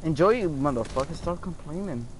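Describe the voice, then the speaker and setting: A man streaming a game, chatting casually with his viewers, excitable and swearing a lot. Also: on the high side, brisk, a little hiss or hum. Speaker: gaming streamer. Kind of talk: casual gameplay commentary.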